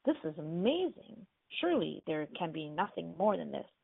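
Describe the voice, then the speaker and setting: Woman doing a meek fisherman, low and gravelly, over a dry, tinny phone line. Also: big pitch swings, moderate pace, dry recording, heavily acted. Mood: awed. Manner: hesitant, sheepish, gushing when amazed. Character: timid, apologetic fisherman husband, easily awed.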